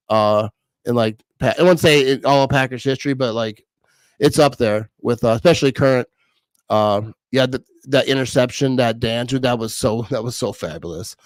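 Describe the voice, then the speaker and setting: A man's voice: medium pitch, clean tone, dry recording, rough recording. A man in his thirties hosting a casual live stream, rambling and laughing often as he reads comments. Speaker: livestream host reading comments.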